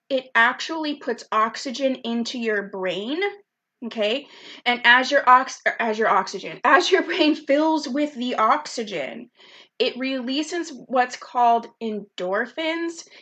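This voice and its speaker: A woman's voice: a little high, pushed and bright. A woman leading a live online youth workshop, chatty and upbeat, reading out viewers' comments by name over a video call. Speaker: program specialist leading a virtual youth workshop.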